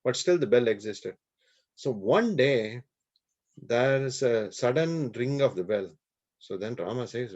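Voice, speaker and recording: A man's voice: medium pitch, moderate pace, darkish tone. A man telling a scripture story in a conversational sermon, asking rhetorical questions. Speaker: preacher. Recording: dull lo-fi recording.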